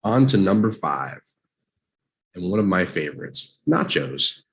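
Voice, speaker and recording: A man leads a live online vocabulary lesson at an unhurried pace. His fairly low voice swings up and down with animation as he drills each word and has listeners repeat it. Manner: slow and animated, drills words with repeat-after-me prompts. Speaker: English teacher.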